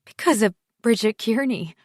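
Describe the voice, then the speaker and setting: A woman's voice: fairly high pitch, moderate pace, darkish tone, slightly rough, no echo, studio quality. A woman voicing a suspicious, hurt wife, anxious and accusing, pushing her husband for the truth. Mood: pleading.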